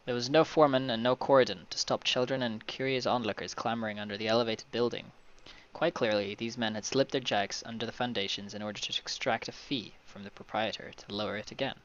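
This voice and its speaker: A man's voice: medium pitch, steady tone, a little fast, fairly bright tone, dull audio. Man reading game text aloud, casually. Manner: casual, swears and laughs at the story. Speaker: gaming video creator.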